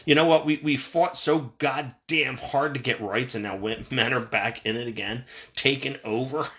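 A man's voice: medium pitch, unhurried, pushed and bright. Laughing, foul-mouthed middle-aged man. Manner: laughs often, profane, restarts sentences. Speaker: podcast host. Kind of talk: casual podcast rant.

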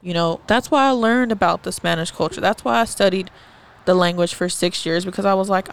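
Gravelly-voiced outspoken young woman. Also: lowish voice, fairly quick. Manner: outspoken, acts out quoted voices. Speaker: podcast co-host. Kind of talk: casual chat.

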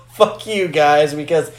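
A man's voice: fairly high pitch, takes it slowly, echoey room. A man co-hosting a casual chat about a film, rambling, swearing freely and acting out characters. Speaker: podcast co-host.

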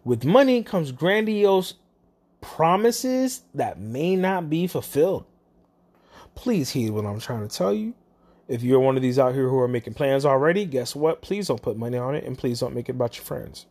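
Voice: medium pitch, animated, moderate pace, a little mellow. A speaker, talking casually and bluntly about phone customer service work, with lots of swearing. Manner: blunt, profane, chatty. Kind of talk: casual monologue to camera.

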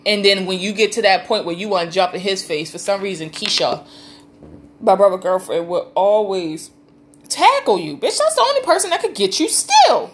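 A woman's voice: mid-range voice, big pitch swings, normal speed. A woman breaking into the conversation to add her own side of the story, teasing and profane. Her voice sits in a middle register, and she talks loosely, like family chatting. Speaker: podcast co-host. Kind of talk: casual chat.

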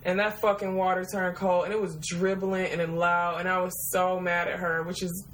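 A woman's voice: lowish voice, level tone, moderate pace, a little hiss or hum, low-quality recording. Profane, laughing woman telling a story. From Detroit, USA. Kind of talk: casual storytelling.

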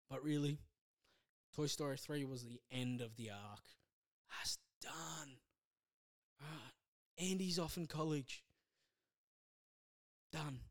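A man hosting his own podcast, rambling casually through a movie review with self-deprecating asides and halting restarts. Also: medium pitch. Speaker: podcast host.

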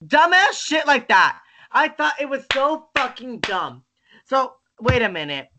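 A young adult on a webcam video call, ranting and swearing constantly, bursting into shouts and cry-like laughter. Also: high-pitched, very animated, a little slow, slight background noise. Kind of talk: casual profane rant.

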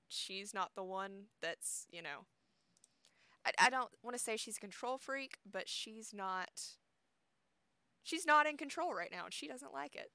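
A woman's voice: medium pitch, sharp tone, smooth, dry recording. A woman player in a tabletop game, casually describing her character with hesitations.

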